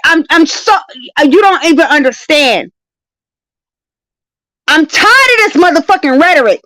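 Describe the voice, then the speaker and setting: A woman's voice: high-pitched, animated, a little slow, a bit bright, dry recording, poor audio. A woman in a heated live-stream argument, confrontational and profane, hammering her points with repetition. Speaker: debating guest.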